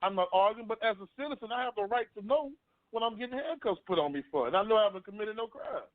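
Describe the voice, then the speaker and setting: A man's voice: sits high, expressive, fast talker, no room sound. Earnest man telling a story over a phone line. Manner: earnest, storytelling, repeats himself. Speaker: panel guest. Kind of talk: personal story on a talk panel. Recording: dry phone-line sound.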